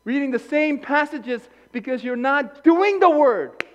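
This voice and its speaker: High-voiced male pastor in a reverberant hall. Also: measured pace, lo-fi sound. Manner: animated, acts out quoted voices; rambling anecdotes with self-corrections. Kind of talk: sermon. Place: church hall.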